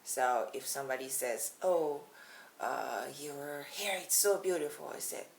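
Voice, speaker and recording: A woman's voice: deep voice, animated, unhurried, gravelly, slight background noise, rough recording. A Japanese woman with a Japanese accent, teaching a casual video lesson in a chatty, giggly way. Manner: chatty, giggly, self-deprecating. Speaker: language teacher.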